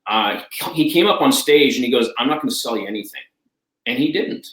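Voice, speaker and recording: A man's voice: mid-range voice, lively intonation, brisk, a bit bright. Enthusiastic man in a roomy echo. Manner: enthusiastic, emphatic, repeats key phrases. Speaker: guest, life coach. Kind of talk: energetic conversational talk.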